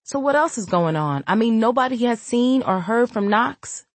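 A woman's voice: on the high side, animated, normal speed, no echo, voice pushed up. A woman doing an anxious young man with a raised voice. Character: confused young man back with his crew.

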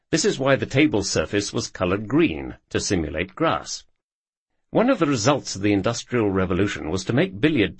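A man narrating a scripted story with measured storytelling delivery. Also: lowish voice, husky, no echo.

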